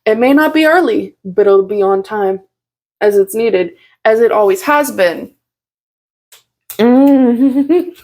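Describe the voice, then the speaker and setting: A woman in her own room giving a casual, heartfelt channeled message to her viewers as a tarot reader, with lots of fillers and soft giggles. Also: a little high, expressive, takes it slowly.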